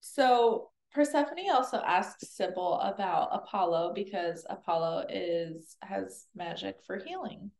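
A woman's voice: mid-range voice, a little slow, creaky, few pauses, a little mellow. Woman co-host, chatty plot summarizer, roomy sound. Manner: summarizes plot, slips into quoted character voices. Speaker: podcast co-host explaining a book. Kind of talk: casual chat.

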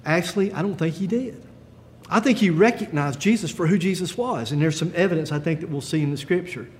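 A man pastor preaching a sermon in a gentle, conversational way, with frequent pauses and fillers. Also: fairly high pitch, long reverb tail, a little hiss or hum.

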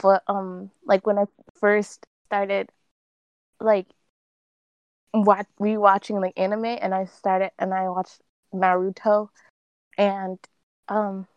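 A young woman co-hosting a casual chat with friends, telling stories with lots of fillers and excited restarts. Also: mid-range voice, slow pace, long pauses, smooth, no room sound, dull audio. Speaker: podcast co-host.

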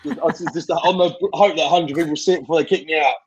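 A man's voice: on the high side, steady tone, fast talker, muffled recording, a little hiss or hum. A man in casual podcast chat, blunt and sweary, giving fired-up motivational advice. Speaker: podcast guest.

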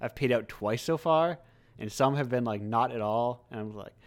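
A man's voice: medium pitch, moderate pace. A man hosting a live stream interview, chatty and easily sidetracked, laughing often and correcting himself as he talks. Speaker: livestream host. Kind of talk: casual interview chat.

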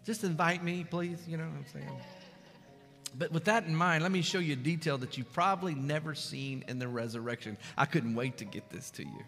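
Man, pastor, fervent sermon delivery, bright tone, hall reverb with soft music behind. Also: fairly high pitch, fairly quick, creaky. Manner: fervent preaching, swings from loud to hushed. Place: church sanctuary.

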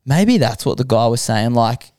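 A man's voice: mid-range voice, sing-song, normal speed, darkish tone, no room sound, studio quality. A young Australian man telling stories in a casual podcast chat, animatedly acting out the people in them and laughing often. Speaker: podcast guest, extreme sports athlete.

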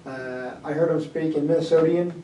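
A man talking in a loose, rambling way who often trails off mid-thought. His voice is slightly high and picked up from a distance. The recording sounds roomy, with a faint background hiss. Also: steady tone, moderate pace, mellow, muffled recording. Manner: rambling, trails off searching for names. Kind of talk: casual chat. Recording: echoey room, far from mic, faint noise.

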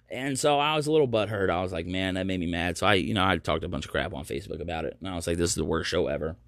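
A man's voice: deep voice, rapid-fire, hardly any pauses, fairly bright tone, no echo, clean studio sound. A man hosting his own podcast, telling a story in a sarcastic, profane, ranting way. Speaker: podcast host. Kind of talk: casual ranting commentary.

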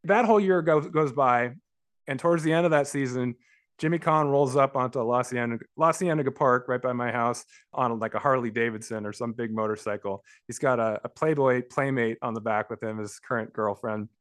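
A man in his forties from Los Angeles, a book author, telling childhood stories as a guest in an interview, animated and often laughing, with frequent restarts. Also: mid-range voice, fairly quick. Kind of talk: conversational storytelling.

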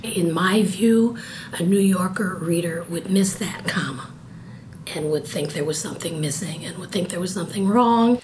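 A woman's voice: on the low side, moderate pace, background noise. An older woman with a cold, talking as an interview guest in a precise, thoughtful way with wry jokes. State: stuffy from a cold. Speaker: guest, copy editor. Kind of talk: conversational interview.

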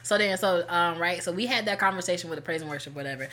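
A woman's voice: fairly low pitch, quick pace. A woman co-hosting a casual chat show, telling a story with lots of slang and acted-out quotes. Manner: animated, slangy, acts out quotes. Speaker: podcast co-host.

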